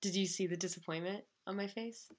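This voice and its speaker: A woman co-hosting a podcast, chatting casually and narrating TV scenes in an animated way, laughing often. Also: medium pitch, brisk. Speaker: podcast co-host. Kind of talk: casual TV recap chat.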